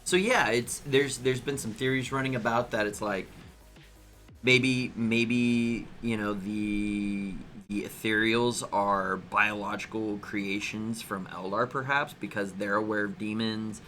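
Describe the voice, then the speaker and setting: Bright, forceful male host, chatty and rambling, faint music behind. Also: on the low side, unhurried. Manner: rambling, animated storytelling with voiced asides. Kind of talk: casual chat.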